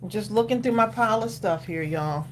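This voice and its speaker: In a casual live-stream chat, a woman running a crafting stream talks easily, cheers on viewers and laughs a lot. She speaks briskly in a mid-range voice, with slight background noise.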